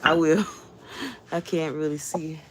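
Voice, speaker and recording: A woman's voice: sits low, little pitch movement, slow, a bit bright, slight background noise. A woman vlogger talking casually to her viewers, chatty and jumpy, laughing often as she frets.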